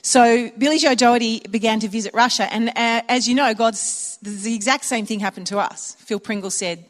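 An older woman preaching to a congregation, her voice sitting a bit high for a woman. She talks in a relaxed, conversational way and drops in chuckling asides. The sound carries a long reverb from the church auditorium. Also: normal speed. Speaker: pastor. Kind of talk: sermon.

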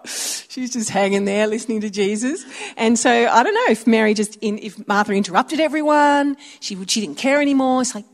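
A woman's voice: on the high side, a little fast. A woman preaching a conversational sermon, telling stories and acting out little voices. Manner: chatty, storytelling, acts out voices.

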